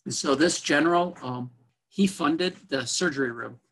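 A man's voice: fairly high pitch, normal speed, fairly bright tone, breathy edge, rough recording. A man, a military officer, earnestly telling a personal story in a podcast conversation, with many fillers.

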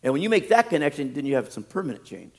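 A middle-aged man preaching a sermon as pastor, swinging from loud emphatic peaks to quiet low asides and jokes. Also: sing-song, fast.

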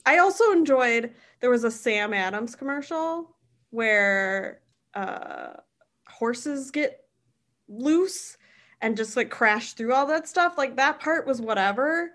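A woman's voice: on the high side, animated, slow pace, fairly bright tone. A young woman co-hosting a podcast, chatting in an easygoing, agreeable way and often laughing. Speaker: podcast co-host. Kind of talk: casual chat.

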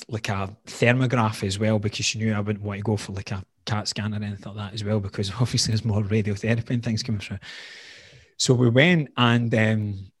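Husky-voiced man telling his story. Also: on the low side, dry recording, studio quality. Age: 30s. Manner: earnest and open, frequent "like" fillers. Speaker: guest, health coach. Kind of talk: candid storytelling in conversation.

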